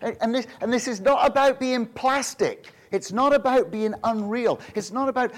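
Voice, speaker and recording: Animated high-voiced male preacher. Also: moderate pace, few pauses. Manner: animated, conversational preaching with frequent repetitions and laughs. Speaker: pastor. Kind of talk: sermon.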